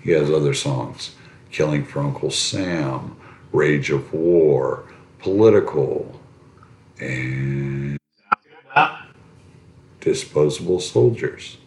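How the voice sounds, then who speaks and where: A man's voice: very deep voice, slow, creaky, pauses often, a little mellow. A man hosting a podcast, opening the show in a loose, rambling way and swearing casually. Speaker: podcast host. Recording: roomy echo.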